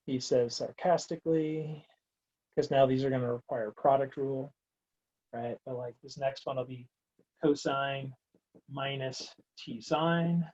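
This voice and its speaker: A man's voice: medium pitch, measured pace, darkish tone, dull audio. A man teaching a recorded math lecture, working through steps aloud in a casual, wry way. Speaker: math instructor.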